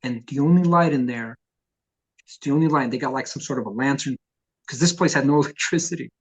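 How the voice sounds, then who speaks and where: A middle-aged man, a punk vocalist telling profane, lively stories in an oral history interview. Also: medium pitch, a little fast, breathy edge. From New York. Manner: profane, animated storyteller who acts out quotes.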